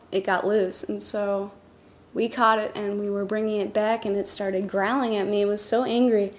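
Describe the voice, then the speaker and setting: Woman, somewhat high voice, casual chatty storyteller with fillers. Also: a little mellow. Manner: chatty, with fillers and small laughs. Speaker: interviewee telling a personal story.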